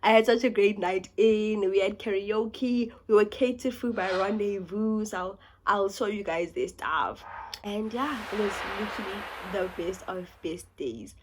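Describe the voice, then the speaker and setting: A young woman from South Africa with a South African accent, telling a story in a casual vlog, talking fast and animated and dropping into whispers. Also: mid-range voice, a little hiss or hum. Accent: South African English. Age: young adult. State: sick. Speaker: YouTuber.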